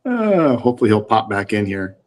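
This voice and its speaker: A man's voice: lowish voice, sing-song, fairly quick. A man co-hosting a casual live stream, upbeat and friendly, greeting viewers and reading out their comments.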